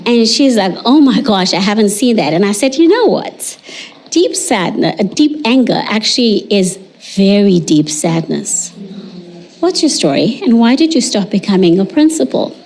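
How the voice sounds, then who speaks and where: Animated woman telling a story. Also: mid-range voice. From South Africa. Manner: animated, acts out quoted dialogue. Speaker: educational psychologist. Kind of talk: storytelling talk to an audience.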